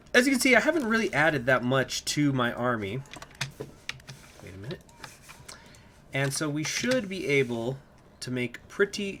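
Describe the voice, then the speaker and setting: A man at a home desk mic talks a listener through a strategy game in a relaxed, explanatory way, thinking aloud with frequent filler pauses. His voice sits at an ordinary middle pitch, and a faint hum of ambient noise runs underneath. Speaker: strategy game guide host. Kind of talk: casual gameplay walkthrough commentary.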